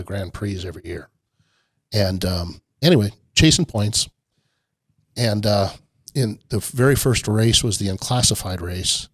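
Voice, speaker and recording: This middle-aged podcast guest, owner of an off-road park, laughs frequently while spinning a long, meandering tale in a relaxed interview. His voice is on the low side, and the recording has no room sound.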